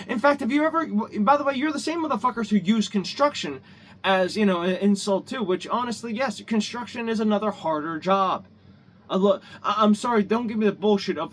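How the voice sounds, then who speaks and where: A middle-aged man in an angry, profane vlog rant, stumbling over repeated words and building to shouts. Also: sits high, expressive, fairly quick, husky, distant mic, poor audio. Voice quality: stammering restarts, repeats words. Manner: heated, swearing, rising to shouts. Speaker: vlogger.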